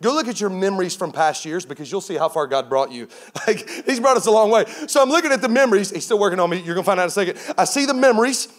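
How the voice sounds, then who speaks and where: A man in his thirties, a guest pastor, preaching a sermon with lively storytelling and bursts of laughter. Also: sits high, quick pace.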